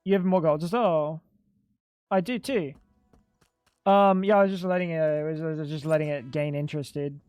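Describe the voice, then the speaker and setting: High-voiced man streaming a game. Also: moderate pace, pauses often, a little mellow, clear, resonant tone, dry recording, faint music behind. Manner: chatty, swears a lot, keeps saying "dude". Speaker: gaming streamer. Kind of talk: casual live-stream game commentary.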